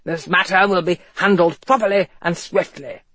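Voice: medium pitch, steady tone, normal speed, a bit bright, dry recording, lightly acted. A narrator voicing a nervous, irritable older male police chief who speaks tense and testy in an audiobook. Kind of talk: audiobook character reading.

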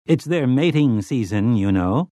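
A man's voice: medium pitch, expressive, measured pace, warm tone, no room sound, close to an everyday voice. A man voicing a complacent, prissy male robot servant with a silky edge in a storybook reading, in a dry room.

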